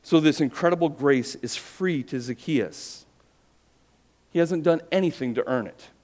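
A man's voice: on the high side, a little slow. Man preaching a storytelling sermon. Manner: storytelling, drops quiet for emphasis, rhetorical questions. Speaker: pastor.

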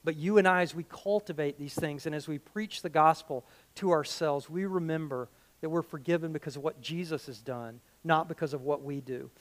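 A middle-aged man preaching a sermon as pastor, conversational and animated, full of rhetorical questions. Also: on the high side, normal speed, few pauses.

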